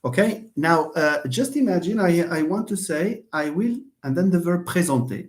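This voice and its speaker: A man's voice: a little high, normal speed, hardly any pauses. A man with a Moroccan accent teaching an English class, repeating key points and calling on students by name. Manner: animated, calls on students by name. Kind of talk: online classroom lesson.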